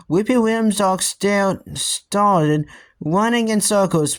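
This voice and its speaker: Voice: medium pitch, slow. A young reader stumbling and restarting while reading a children's book aloud. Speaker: storybook reader.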